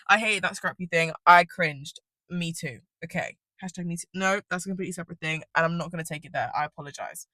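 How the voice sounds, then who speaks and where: Young vlogger ranting away, swears a lot, bright sharp tone, laughs a bunch. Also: mid-range voice, quick pace, hardly any pauses, dry recording. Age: young adult. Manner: swears freely, rambling and animated, laughs often. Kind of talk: casual ranting storytime.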